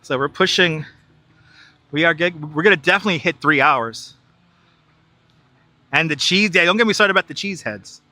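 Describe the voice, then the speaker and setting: New guy live-streaming a park walk, chatty, super bright voice, dry close clip mic. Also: on the high side, moderate pace, long pauses, dry recording. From New York. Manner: chatty, reads out viewer chat, laughs easily. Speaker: live-streaming tour guide. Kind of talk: casual live-stream walking tour. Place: outdoors in a large city park. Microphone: wireless clip-on mic.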